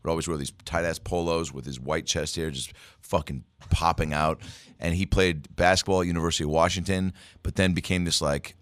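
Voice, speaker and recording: Very deep-voiced comedian guest, profane storyteller, dry studio sound. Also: male voice, a little fast, no echo. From Seattle, USA. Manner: profane, animated storytelling with impressions. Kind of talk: casual storytelling chat.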